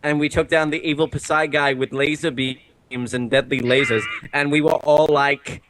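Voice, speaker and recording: A man's voice: fairly high pitch, steady tone, normal speed, a bit bright, slight background noise. A man rambling through an absurd improvised comedy story, swearing casually.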